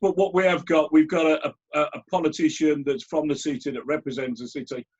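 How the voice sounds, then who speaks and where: A middle-aged man hosts a relaxed interview, stumbling and restarting as he reads out questions. His voice is slightly husky. The recording sounds dull and lo-fi. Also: on the high side, fairly quick. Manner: hesitant, with many fillers and restarts. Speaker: host and interviewer. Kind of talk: conversational interview.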